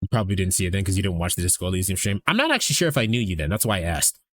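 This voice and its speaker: A man's voice: low voice, big pitch swings, racing, a bit bright, slightly rough, no room sound. A man hosting a live stream, talking in a casual, rambling way and swearing freely. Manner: rambling, profane, conversational. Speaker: streamer host.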